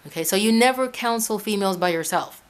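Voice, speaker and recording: A woman's voice: medium pitch, fast. Chatty woman giving rambling advice. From Ecuador. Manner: rambling, frequent restarts and repeated words. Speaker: Christian video blogger. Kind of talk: casual advice talk to viewers. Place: at home.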